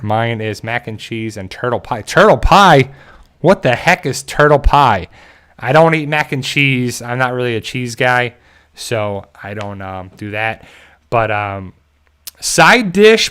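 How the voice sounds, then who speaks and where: A man's voice: mid-range voice, expressive, unhurried, fairly bright tone, clear, resonant tone. Chatty man hosting a casual livestream. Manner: rambling, joking, chuckles often. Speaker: channel host reading viewer chat.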